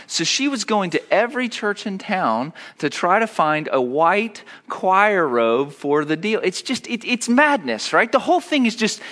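A male pastor, likely in his thirties, reading scripture and then telling funny self-mocking stories in a sermon. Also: high voice. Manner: animated storytelling, self-mocking humor.

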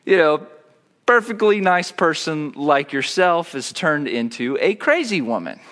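A man's voice: a little high, a little slow. A male pastor, likely in his thirties, reading scripture and then telling funny self-mocking stories in a sermon. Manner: animated storytelling, self-mocking humor.

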